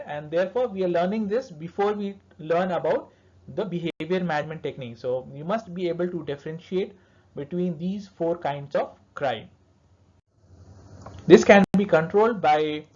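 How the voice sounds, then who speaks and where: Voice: mid-range voice, darkish tone. A lecturer in pediatric dentistry giving a recorded lesson to students, explaining step by step and checking in with "all right" and "okay". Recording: dull lo-fi recording.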